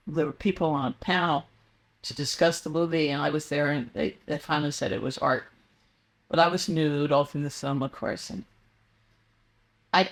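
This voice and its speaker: An older woman, a guest in a casual interview, telling meandering anecdotes with frequent fillers and restarts. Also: low voice.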